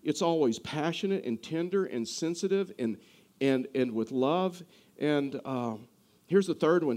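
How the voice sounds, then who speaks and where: A man delivering a sermon to his congregation. His voice sits a little higher than most men's. He talks earnestly and keeps repeating and restarting his words. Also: moderate pace, darkish tone. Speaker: pastor.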